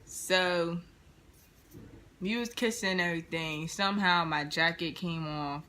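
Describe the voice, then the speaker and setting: A woman vlogger telling a story in an animated, slangy, dramatic way. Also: on the low side, measured pace, slight background noise. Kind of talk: storytime vlog.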